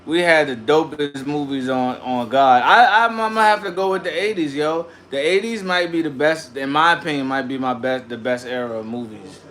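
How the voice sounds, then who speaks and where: Man, livestream host, slangy animated ranting, slightly high voice, faint background noise. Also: moderate pace, hardly any pauses. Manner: slangy, animated ranting, greets chat by name. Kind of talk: casual livestream chat.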